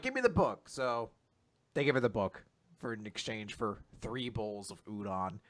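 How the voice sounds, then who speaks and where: A man co-hosting a casual recap podcast, retelling scenes with a bright, forceful voice. His pitch rises and falls a lot as he acts out each character's line, and he swears freely. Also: expressive, moderate pace. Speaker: podcast co-host.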